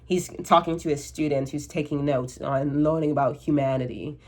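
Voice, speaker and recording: A woman's voice: low-pitched, fairly even intonation, normal speed. A woman voicing a curious male alien archaeologist who lectures students in a wondering tone. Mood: lecturing.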